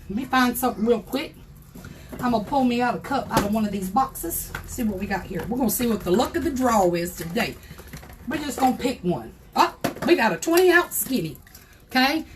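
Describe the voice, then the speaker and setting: An older Southern woman with a high, hoarse voice hosts a casual crafting livestream from her home craft room. She talks in a chatty, folksy way and calls out her viewers by name. A faint hum of room ambience sits behind her. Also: lively intonation, brisk. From South Carolina, USA.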